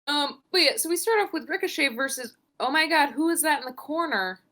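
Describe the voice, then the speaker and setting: Crowd noise sits behind this young female podcast co-host as she recaps wrestling in an animated, casual way. She curses without restraint and performs people's quotes, speaking a bit fast in a high-pitched voice.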